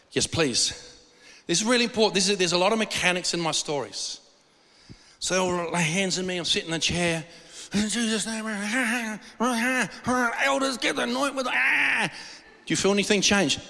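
Brief: male pastor, high bright voice, animated storytelling sermon, long hall reverb. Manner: animated storytelling with acted-out quotes and laughs.

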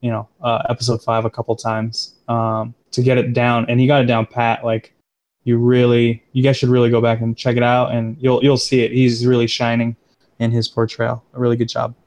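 A man hosting a casual movie review podcast, steering the talk and explaining details in a measured way. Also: medium pitch. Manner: steers the discussion, even and measured. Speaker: podcast host.

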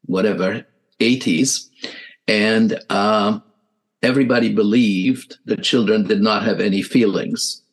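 Older man, psychiatrist, storytelling lecture, slow delivery, lowish voice, halting with fillers. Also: rough recording. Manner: halting, unhurried, with many filler sounds and restarts. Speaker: psychiatrist and author.

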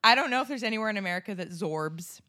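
Bright-toned woman cracking crude jokes. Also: mid-range voice, expressive, rapid-fire. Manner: loud laughs, crude jokes, enthusiastic. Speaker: podcast co-host. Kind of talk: casual chat.

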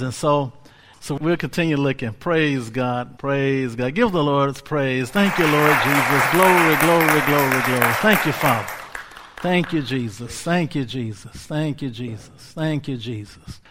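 A man preaching a sermon with fervor, repeating phrases and swinging from loud exclamations to hushed whispers. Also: mid-range voice, measured pace, a faint crowd.

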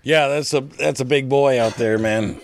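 A man's voice: mid-range voice, fairly even intonation, normal speed, music in the background. A man co-hosting a casual talk show, rambling and joking with frequent laughs. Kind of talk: casual chat.

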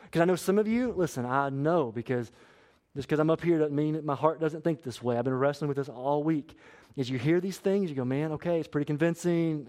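Young guy preaching in church, kinda high voice, fired up, gets the crowd to call out answers. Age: young adult. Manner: animated preaching with call-and-response to the congregation. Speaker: pastor. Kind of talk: sermon. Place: church sanctuary.

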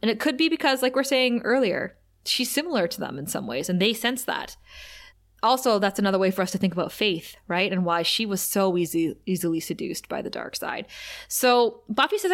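A woman co-hosting a casual show recap, lively and quick to laugh, acting out scenes as she retells them. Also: medium pitch. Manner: animated, laughs often, acts out scenes. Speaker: podcast co-host.

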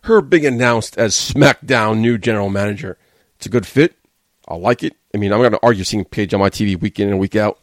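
A man's voice: lowish voice, fairly quick, no echo, clean studio sound. A man hosting a wrestling podcast, giving a blunt, sarcastic, casual review and swearing freely.

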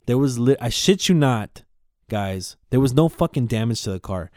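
A man hosting a podcast, telling a story in a rambling, profane, animated way. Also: medium pitch, moderate pace, dry recording, clean studio sound. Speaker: podcast host.

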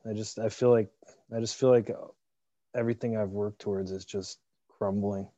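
A man co-hosting a comedy podcast, wry and deadpan, often trailing off with fillers. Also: fairly low pitch, moderate pace, no room sound, muffled recording. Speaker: podcast co-host. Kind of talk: casual comedy banter.

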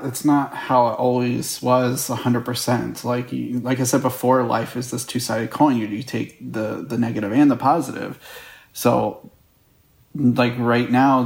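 A man hosting a conversation, talking openly in a halting, reflective way. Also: medium pitch, vocal fry. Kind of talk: casual conversation. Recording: echoey room.

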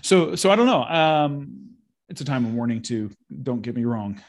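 A man's voice: medium pitch, normal speed, creaky. Man thinking aloud in casual talk. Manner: thinks aloud, repeats words, laughs. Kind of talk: casual conversation about ministry.

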